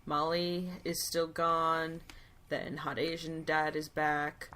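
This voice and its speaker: A woman's voice: deep voice, monotone, takes it slowly, sharp tone. A woman co-hosting a podcast recap in casual chat, breezy and wry, with jokey asides. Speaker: podcast co-host.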